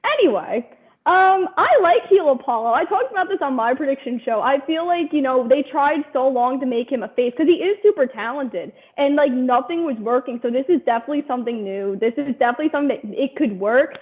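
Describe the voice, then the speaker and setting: A woman's voice: high-pitched, animated, brisk, low-quality recording. A woman on a wrestling panel, talking in a chatty, frank way. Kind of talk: casual panel chat.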